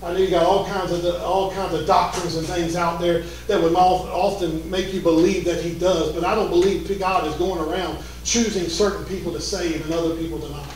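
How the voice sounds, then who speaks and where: A male pastor preaching a fervent sermon, often shouting. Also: sits high, steady tone, brisk, hardly any pauses, slight background noise. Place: church sanctuary. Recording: echoey church hall from a distance.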